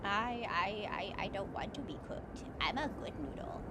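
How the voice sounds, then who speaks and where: Animated young woman streamer, lively pitch. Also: normal speed, heavy background noise. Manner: animated, dramatic, playful complaining with frequent laughs. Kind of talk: casual stream chat.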